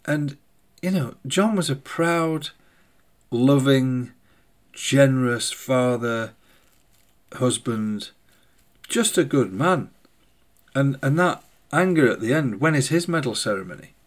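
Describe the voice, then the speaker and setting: A man hosting a podcast, speaking a slow, thoughtful spoken meditation with hesitant phrasing. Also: medium pitch, expressive. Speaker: podcast host. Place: indoors by a window in the rain.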